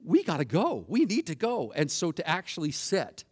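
Middle-aged man, guest preacher, fairly high voice, relaxed storytelling sermon with fillers and restarts. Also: normal speed, husky. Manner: conversational, loose storytelling with many restarts and fillers.

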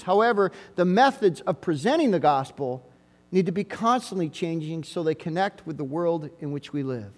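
A man's voice: high-pitched, a little mellow. A male pastor preaching a sermon, emphatic and insistent, driving points home by repeating short phrases. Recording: long hall reverb.

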